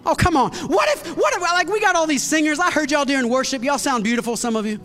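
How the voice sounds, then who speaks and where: A man preaching a sermon as pastor, energetic and bursting into shouts, with frequent repeated words and restarts, recorded in a church hall. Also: very high voice, fast talker, soft background music. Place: church hall with long reverb.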